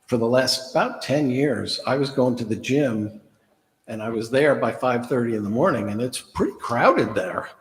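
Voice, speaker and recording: A man's voice: medium pitch, normal speed. Man, casual sermon, chatty with fillers, roomy hall, long reverb. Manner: relaxed, chatty, many fillers. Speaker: guest speaker at a church service. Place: church hall.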